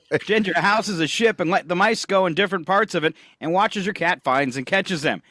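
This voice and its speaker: A man's voice: high voice, brisk, pushed and bright, no echo, studio quality. A man co-hosting a radio morning show, chatty and playful as he reads items aloud. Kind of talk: casual radio banter. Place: radio studio. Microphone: studio microphone.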